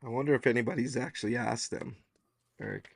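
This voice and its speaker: A man hosting a casual podcast livestream, hoarse and losing his voice, rambling with lots of fillers. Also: medium pitch, quick pace, no echo, clean studio sound. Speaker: podcast host.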